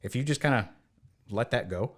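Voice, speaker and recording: Animated American man telling stories. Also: mid-range voice, normal speed. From United States. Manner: animated storyteller, acts out quoted voices. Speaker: podcast co-host. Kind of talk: casual chat.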